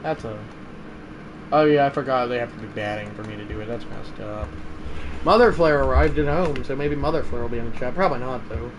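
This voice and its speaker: A young man streaming live gameplay commentary, swinging between loud outbursts and low muttering to his viewers. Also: fairly quick, noisy background. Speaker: livestreamer.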